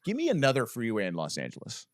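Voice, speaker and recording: A man hosting a casual podcast roast, teasing a guest with lively, repetitive banter. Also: medium pitch, quick pace, no room sound, clean studio sound. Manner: lively, teasing, laughs a lot, repeats himself. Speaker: podcast host.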